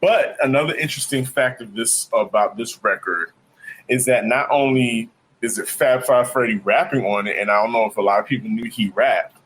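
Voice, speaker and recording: A man's voice: medium pitch, moderate pace, fairly bright tone, husky. Laid-back male DJ co-host. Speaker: podcast co-host, DJ. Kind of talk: casual chat.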